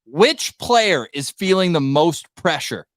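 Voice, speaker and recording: A Canadian man hosting a live hockey stream, with a slightly high voice. He is playful and animated, and the sound is dry and close. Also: takes it slowly, no room sound. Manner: lively, playful, addresses the chat. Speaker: podcast host. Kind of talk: casual sports talk livestream.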